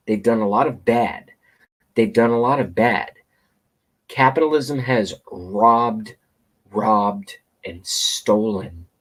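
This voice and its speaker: A man rants about politics in a slow, unhurried drawl, swearing freely and hammering the same phrases again and again. His voice is husky and a little rough. He sounds like a regular commentator holding forth to his own audience. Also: on the low side, fairly bright tone. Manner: profane, repetitive, rambling rant. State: hiccups. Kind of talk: ranting political monologue. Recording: outdoors, passing train nearby.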